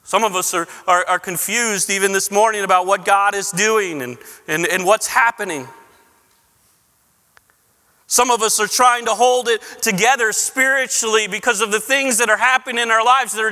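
High bright-voiced pastor preaching in a hall. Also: male voice. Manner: repeats words while building up, rising into passionate pleading. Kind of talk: sermon. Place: church sanctuary.

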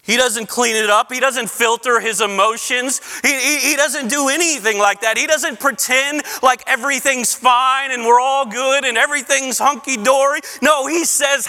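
Pastor guy preaching, high bright voice, stacks repeats and pleads hard, big church echo. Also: fairly even intonation, normal speed, few pauses. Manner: repeats words while building up, rising into passionate pleading. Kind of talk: sermon. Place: church sanctuary.

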